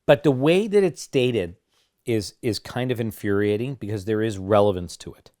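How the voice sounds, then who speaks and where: A man's voice: fairly low pitch, normal speed, mellow. A middle-aged man co-hosting a podcast, talking about a court ruling in a teasing, sarcastic and pushy way. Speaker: podcast co-host, lawyer. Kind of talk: casual legal debate.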